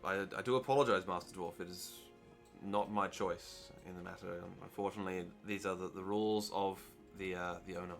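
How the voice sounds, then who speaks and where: A man's voice: sits low, steady tone, fairly quick, faint music behind. A man voicing a wiry male elf bouncer in a tabletop game, who speaks in a courteous, smug and apologetic way. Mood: smug polite.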